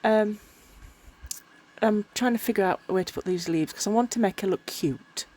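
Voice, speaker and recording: In this casual crafting vlog, a fatigued miniature maker chats and rambles, often fumbling her words. She speaks at a normal speed in a medium-pitched voice with a darkish tone.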